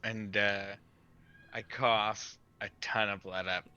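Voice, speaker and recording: A man playing a tabletop game, chatting in a playful, quick, joking way. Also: fairly low pitch, level tone, bright, forceful tone, smooth, lo-fi sound. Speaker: player.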